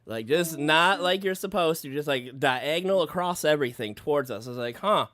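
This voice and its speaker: A man's voice: fairly high pitch, brisk, no echo, clean studio sound. A man casually telling a story in a podcast chat, cursing freely and acting out what people said. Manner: profane, animated storyteller acting out quotes.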